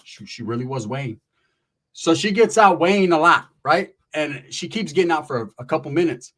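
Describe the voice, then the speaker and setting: A fairly high-pitched man from Northern California talks at normal speed through an outlandish personal story. His words are profane street slang with Spanish mixed in, kept casual. He stays animated, acting out the people in his story.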